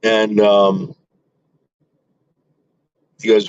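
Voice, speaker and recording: A man's voice: sits low, normal speed, muffled recording. A man telling a rambling story, full of fillers and restarts, acting out what his relatives said. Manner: acts out quoted relatives with voice shifts. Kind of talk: casual storytelling.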